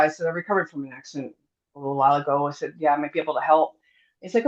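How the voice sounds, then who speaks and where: A woman's voice: sits low, quick pace. Chatty woman telling her story. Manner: lively storyteller, acts out quoted dialogue, many fillers. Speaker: guest telling her near-death story. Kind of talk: casual storytelling interview. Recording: dull lo-fi sound.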